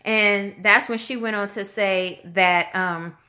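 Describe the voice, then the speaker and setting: A woman vlogger giving a casual, chatty review, animated and slangy, acting out quotes in shifting voices. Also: mid-range voice, slow pace. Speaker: vlogger reviewing a reality show.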